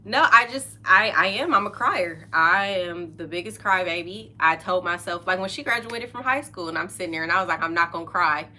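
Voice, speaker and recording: A woman's voice: lowish voice, lively intonation, a little fast, hardly any pauses, sharp tone. A middle-aged woman hosting a podcast, chatting casually and openly, often laughing and trailing off mid-sentence. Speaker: podcast host. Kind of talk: casual chat.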